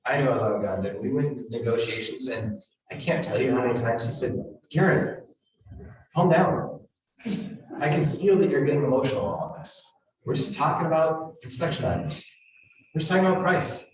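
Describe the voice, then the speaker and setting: A man giving a live real estate training talk to agents, blunt and animated, acting out the people he quotes. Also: medium pitch. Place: training room with an audience. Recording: roomy, echoey hall from far off.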